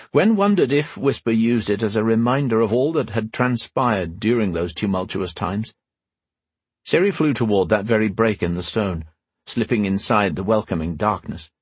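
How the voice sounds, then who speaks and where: A man giving expressive scripted narration of a fantasy audiobook. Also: fairly low pitch, husky, dry recording.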